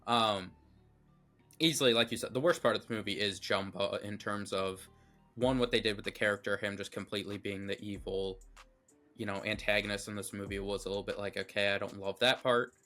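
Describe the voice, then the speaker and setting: A man with a fairly low but bright, forceful voice, co-hosting a casual movie review chat. He talks bluntly and opinionatedly, slipping into heated rants with plenty of fillers. Faint music plays underneath. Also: fairly even intonation, brisk. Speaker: co-host of a movie review show.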